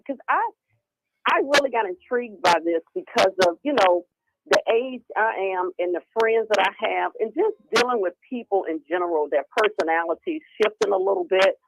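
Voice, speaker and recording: A woman guest on a podcast, talking in a casual, animated way and often acting out what other people say, heard over a remote call line. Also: medium pitch, normal speed, heavy background noise. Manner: animated, acting out quoted voices. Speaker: guest speaker on women's health. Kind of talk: casual conversational interview.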